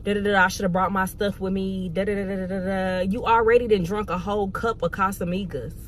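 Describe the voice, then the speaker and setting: A woman's voice: medium pitch, fairly even intonation, fast, a little hiss or hum. A young woman from Georgia, telling a candid, profane storytime vlog with exasperated asides. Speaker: vlogger.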